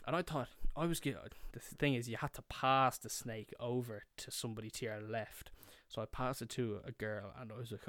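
Young Irish man, comic storyteller, foul-mouthed, smooth mid-pitched voice, dry sound. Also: moderate pace, hardly any pauses, a bit bright, no room sound. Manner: swears a lot, acts out his younger self and friends.

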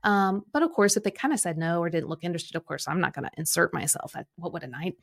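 A middle-aged woman coaching and telling a personal story in an animated way, acting out quoted lines. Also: fairly low pitch, quick pace, gravelly. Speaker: Enneagram coach and podcast host.

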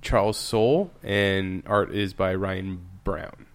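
A man's voice: low-pitched, takes it slowly. A man hosting a casual chat, asking questions and crediting comic creators. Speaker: host.

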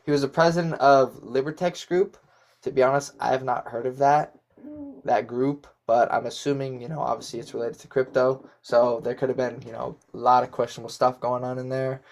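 Young dude podcast cohost, rambly, lots of fillers. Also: male voice, medium pitch, fairly even intonation, fairly quick, creaky. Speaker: podcast co-host. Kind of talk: casual chat.

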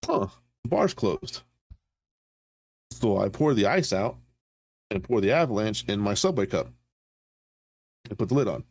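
A man's voice: lowish voice, lively intonation, moderate pace, long pauses. A middle-aged military veteran co-hosting a podcast, telling stories in casual, profane chat and often laughing at his own punchlines.

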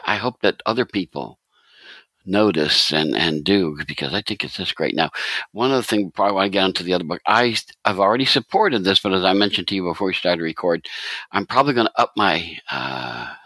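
A man's voice: deep voice, lively intonation, brisk, bright, forceful tone, no echo. A man hosting a comics podcast, praising his guest with enthusiasm and stammering restarts. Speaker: podcast host. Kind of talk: casual interview talk.

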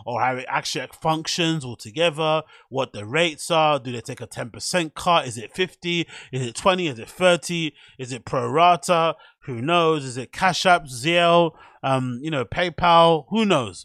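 A man's voice: medium pitch, fairly bright tone, dry recording, studio quality. A man hosting a solo podcast, chatting casually in a joking, self-mocking way. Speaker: podcast host.

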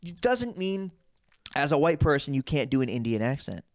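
A man's voice: on the high side, sing-song, normal speed, dry recording. A man guesting on a podcast as a comedian and impressionist, talking in an earnest, opinionated way that wanders off on tangents. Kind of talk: casual podcast chat.

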